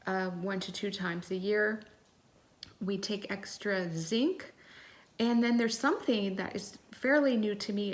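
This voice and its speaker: A woman co-hosting a casual podcast, talking in a chatty way with many ums and self-corrections. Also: mid-range voice. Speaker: podcast co-host.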